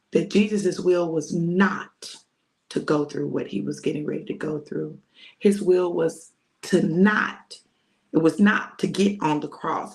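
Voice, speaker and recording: A woman preacher delivering a sermon, retelling a story with acted-out voices, dropping to hushed whispers and rising to pleading cries. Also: fairly low pitch, gravelly. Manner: dramatic storytelling, acts out the scenes.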